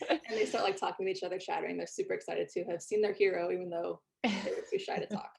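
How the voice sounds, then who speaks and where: A woman's voice: on the low side, fairly even intonation, fast, gravelly, darkish tone, slight background noise. Chatty woman game master. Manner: chatty, many fillers. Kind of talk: narrating a tabletop game.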